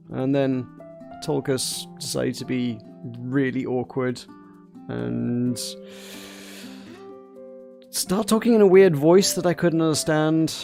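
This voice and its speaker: Gravelly, chatty man streaming a game. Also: mid-range voice, darkish tone. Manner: chatty, playful, talks along with his play. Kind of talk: casual live-stream commentary.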